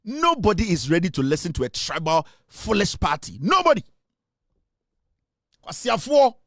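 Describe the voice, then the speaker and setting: A man's voice: high-pitched, sing-song, normal speed, a bit bright, no echo, studio quality. A Ghanaian man hosting a political talk show, delivering a boastful, taunting monologue that mixes English and Twi.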